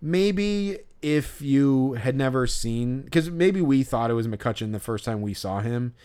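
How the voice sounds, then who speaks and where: A man's voice: mid-range voice, animated, a little slow, a little mellow, smooth. A man co-hosting a podcast, telling a story in a rambling, casual way with lots of fillers and restarts. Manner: mimics other fans in a raised voice. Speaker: podcast co-host. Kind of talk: casual chat.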